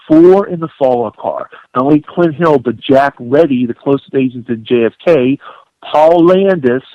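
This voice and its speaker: A man, an author guesting on a radio interview, talking in an emphatic, indignant, animated way. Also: medium pitch, no room sound. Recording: dull lo-fi radio broadcast.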